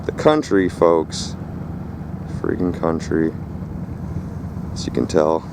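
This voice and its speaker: A man filming a casual vlog outdoors at a rural property. He talks straight to his viewers in a rough, profane way. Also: a bass voice, steady tone, takes it slowly, pauses often, noisy background. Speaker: scrap metal vlogger.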